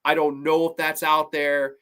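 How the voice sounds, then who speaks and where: A man reviewing horror films in a casual, profane and rambling way, often breaking into animated rants. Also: a little high, unhurried, clean tone.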